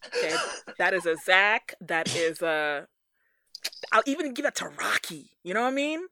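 A woman in casual podcast chat, animated and slangy, often acting out characters' lines. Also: on the low side, moderate pace, gravelly, dry recording, clean studio sound. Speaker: podcast co-host.

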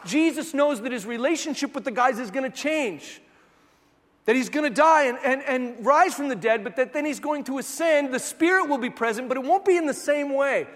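A man in his thirties preaching a sermon, telling stories and acting out the voices in them, sometimes rising to shouts. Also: very high voice, lively intonation, moderate pace, big-room sound. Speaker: pastor.

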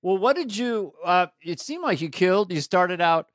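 A man's voice: high voice, lively intonation, moderate pace, fairly bright tone, no room sound, clean studio sound. Encouraging man in casual chat. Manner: encouraging, chatty reassurance. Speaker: podcast co-host.

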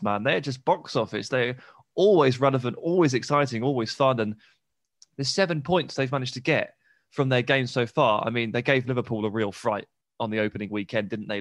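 A man's voice: mid-range voice, fairly bright tone, no echo, studio quality. A man co-hosting a football podcast, chatty, enthusiastic and teasing. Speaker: podcast co-host. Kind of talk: casual football podcast chat.

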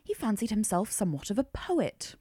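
A woman's voice: mid-range voice, very animated, a little fast, mellow, husky, no room sound, clean studio sound. A woman co-hosting a podcast, telling a true crime case in a chatty, slangy way. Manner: chatty, uses casual slang like mega. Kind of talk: casual true crime storytelling.

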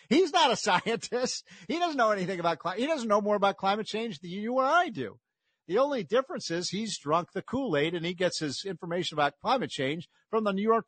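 A man's voice: fairly high pitch, fairly bright tone, dry recording. A man hosting a talk show, delivering a combative, mocking political monologue and chuckling as he talks.

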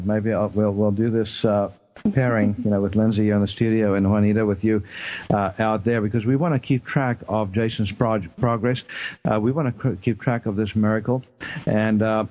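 Male talk radio host, lowish voice, halting with fillers, light music underneath. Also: a little mellow. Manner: halting, many fillers, friendly sign-off. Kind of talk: casual radio hosting.

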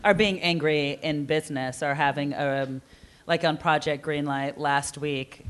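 A woman with a deep voice joins a panel discussion. She talks with animated enthusiasm and sharp energy. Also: a little slow.

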